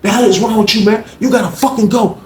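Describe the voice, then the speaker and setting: A man's voice: high-pitched, fairly even intonation, fast talker, roomy sound, slight background noise, pitched above the performer's own voice, close to an everyday voice. A man voicing a furious male prison inmate who curses and threatens. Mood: angry. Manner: cursing, threatening, raised voice.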